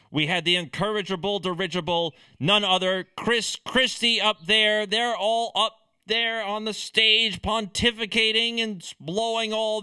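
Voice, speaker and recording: A man's voice: sits high, sharp tone, smooth, dry recording. A man giving sarcastic, opinionated political commentary in a ranting manner.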